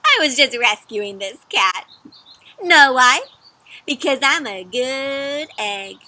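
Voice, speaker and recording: A woman's voice: high-pitched, lively intonation, exaggerated voice. A woman voicing a cheerful, helpful male egg who is proud of being good, in a children's storybook read-aloud, eager and emphatic. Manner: bright, eager, slow emphatic delivery.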